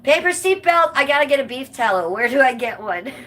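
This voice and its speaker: A woman's voice: on the high side, lively intonation, fast, fairly bright tone, low-quality recording. A woman hosting a livestream, chatting casually and bluntly with viewers and swearing freely. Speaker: livestream host. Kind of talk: casual livestream chat reading comments.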